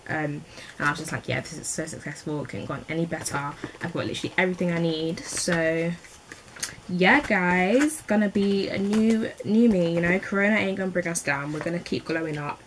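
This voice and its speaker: A woman's voice: on the low side, noisy background. A woman in her twenties with a London accent, rambling chattily through a beauty vlog with slangy asides. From England. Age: 20s. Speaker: beauty vlogger. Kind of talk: casual chat.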